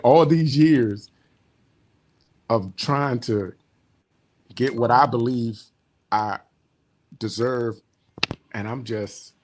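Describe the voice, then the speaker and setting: A man of middling pitch tells his own story in a rambling, heartfelt way. His sentences wander and trail off into quiet asides. It sounds like a veteran's personal client testimonial. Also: drawn-out words, long pauses, slight background noise.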